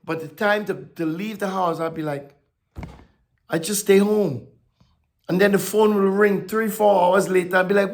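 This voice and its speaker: In a high, steady-toned voice, a man delivers a sermon with halting speech and repeated words. His delivery moves from quiet reflection to emphatic declarations.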